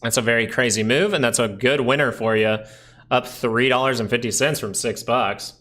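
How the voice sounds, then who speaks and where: A man's voice: mid-range voice, steady tone, normal speed, a bit bright. Man chatting through stock charts. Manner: chatty, rambling, greets viewers by name. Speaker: stock market livestream host. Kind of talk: casual live chart analysis with chat.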